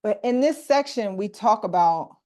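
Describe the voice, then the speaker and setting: An animated woman leads a group workshop over a video call. She teaches casually and speaks right to her listeners, slipping into slang as she explains. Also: medium pitch, moderate pace. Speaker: coach leading a group workshop.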